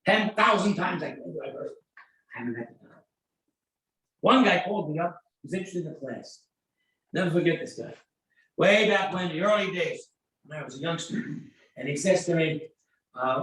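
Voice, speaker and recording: An older man, a rabbi teaching an informal Torah class, telling stories and acting out dialogue in an animated way. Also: fairly high pitch, normal speed, long pauses. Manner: animated storytelling, acts out dialogue. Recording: echoey room, mic at a distance.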